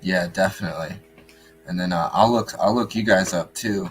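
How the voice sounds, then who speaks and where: A man appearing as a guest on a casual livestream over a video call, easygoing and quick to agree. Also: low-pitched, soft background music. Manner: easygoing, short agreeing replies. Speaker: guest, YouTube channel creator.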